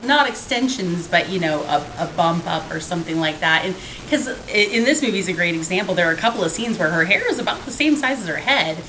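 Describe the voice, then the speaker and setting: A woman's voice: on the low side, expressive, fast talker, hardly any pauses, sharp tone, slight background noise, rough recording. A woman co-hosting a podcast, chatting casually about an old film, laughing often and restarting her sentences. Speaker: podcast co-host.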